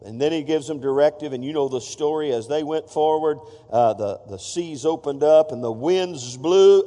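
A man's voice: fairly high pitch, moderate pace, few pauses, warm tone. A man preaching a sermon to his congregation in a church, playful and feisty, stopping often to joke with the room. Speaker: pastor. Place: church sanctuary. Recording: long reverb of a church hall.

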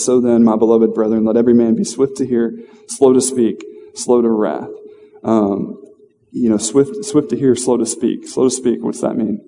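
A man giving an informal, conversational sermon in a church, halting with fillers and restarts. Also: mid-range voice, vocal fry, mellow, in a large hall. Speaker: lay preacher. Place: church hall.

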